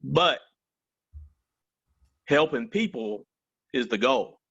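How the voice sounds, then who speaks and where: Earnest man, bright voice, call audio. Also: medium pitch, lively intonation, drawn-out words, vocal fry, breathy edge, no room sound, muffled recording. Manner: earnest, repeats phrases, says "man" and "you know" often. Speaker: company vice president, interview guest. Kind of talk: candid interview answers.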